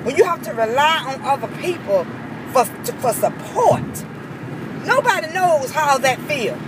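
High-voiced woman ranting over traffic. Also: lively intonation, unhurried. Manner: heated, repetitive, emphatic. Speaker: vlogger. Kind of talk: angry personal rant.

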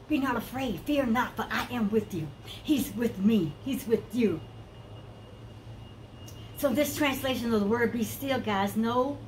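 A woman preaches with a high voice, and she takes her time over every phrase. She is fervent and circles back to repeat lines for weight. Faint hiss sits under her voice. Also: poor audio. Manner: fervent, repeats phrases for emphasis, exclaims "woo". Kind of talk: sermon.

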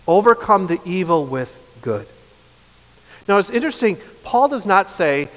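A high-pitched man in his fifties preaches from the pulpit, his words ringing with a long church reverb. He is earnest, swelling into impassioned emphasis and then falling quiet and soft. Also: big pitch swings, normal speed. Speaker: pastor. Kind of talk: sermon. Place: church sanctuary.

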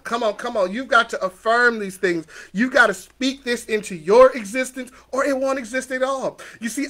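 A man with a high, bright voice leads a motivational pep talk. He coaches listeners through call-and-response affirmations with lots of energy and throws in playful, joking asides. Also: normal speed, few pauses. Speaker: host of a motivational show.

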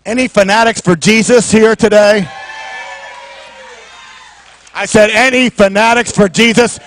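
A middle-aged man preaching a sermon in church, with call-and-response that swings from soft talk to shouting. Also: high-pitched, steady tone, a little slow, pauses often, no room sound, soft background music. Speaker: pastor.

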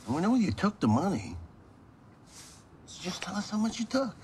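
A man's voice: high voice, wildly swooping pitch, a little mellow, slight background noise. An actor playing a male police detective pressing a suspect for a confession in a film clip. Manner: slow, pressing interrogation. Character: male police detective, coaxing then demanding.

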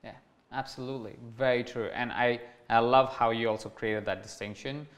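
A man with an Indian accent hosting an interview, warm and hesitant, often restarting his sentences. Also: mid-range voice, fairly even intonation, moderate pace. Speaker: interviewer, host. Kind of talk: conversational interview.

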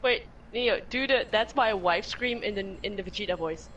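A woman's voice: mid-range voice, normal speed, a bit bright, lo-fi sound, a little hiss or hum. Playful giggly woman gaming with a friend. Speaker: co-op gaming partner. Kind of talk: casual live gaming chat.

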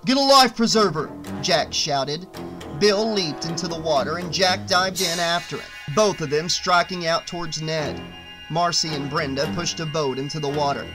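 A man narrating an audiobook with a steady, expressive reading. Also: a little high, moderate pace, over music.

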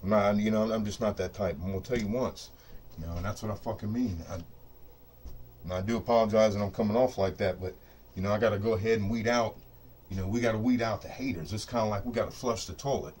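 There's a little hiss or hum as a middle-aged craps dice-control host speaks quickly in a lowish, slightly mellow voice. In his home studio set up for rolling dice, he goes on an unscripted, profane rant to camera, fired up and boastful, often tossing in "you know what I mean."

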